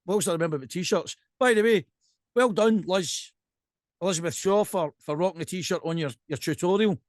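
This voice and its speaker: A Scottish pipe band drummer appears as a podcast guest, chatting casually in an animated, ranting way and often asking "right?" His voice is high and his pace fairly quick, captured in studio quality with no echo.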